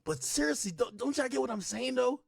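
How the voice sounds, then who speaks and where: A man hosting a livestream, talking in a casual rant that swings from low mutters to shouted bursts. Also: fairly quick, gravelly, dry recording, clean studio sound. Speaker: livestream host.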